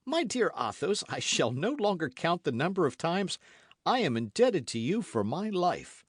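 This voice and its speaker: A dashing young swordsman bursts out in a raised, lively voice, as a male narrator puts him on. He speaks with an excited, indignant edge in this storybook reading. The sound is dry and close. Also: a little high, moderate pace, husky, no echo, voice pushed up. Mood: urgent, indignant. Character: dashing young male musketeer, hot-headed.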